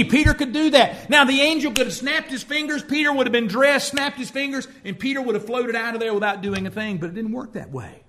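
Bright, high-voiced man preaching a sermon. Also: expressive, fairly quick. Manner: storytelling preacher who acts out quoted speech. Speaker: pastor.

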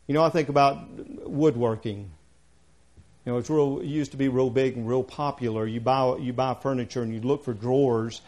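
A man preaching a sermon, talking in a conversational way and asking the congregation questions, swinging from quiet asides to emphatic passages. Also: mid-range voice, normal speed.

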